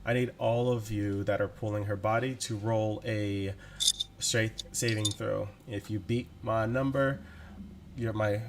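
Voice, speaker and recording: A man narrating as game master of a tabletop game, with a fairly low voice. He speaks slowly and deliberately, often breaking into laughs. There is clear background noise from an online voice call. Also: fairly even intonation.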